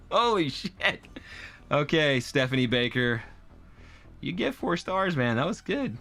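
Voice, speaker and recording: A man's voice: medium pitch, very animated, takes it slowly, long pauses, fairly bright tone, faint music behind. A man hosting comedic commentary on reviews, with exaggerated reactions and frequent laughs. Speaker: host.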